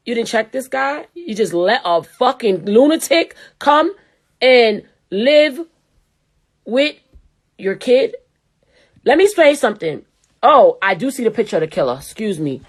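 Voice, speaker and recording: A woman's voice: on the high side, a bit bright. Heated, profane New woman host. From New York. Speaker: show host. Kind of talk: ranting commentary.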